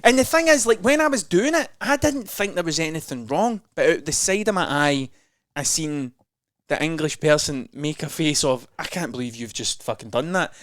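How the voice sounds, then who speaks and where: A man's voice: fairly high pitch, lively intonation, moderate pace, dry recording, clean studio sound. A man co-hosting a podcast, telling rambling, self-deprecating stories in casual chat. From Scotland. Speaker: podcast co-host.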